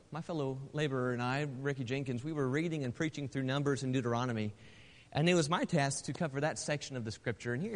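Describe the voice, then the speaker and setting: Preacher man in a reverberant hall. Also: on the high side. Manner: swings from loud exhortation to soft, slow, tender delivery; addresses the congregation as brethren. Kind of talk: sermon.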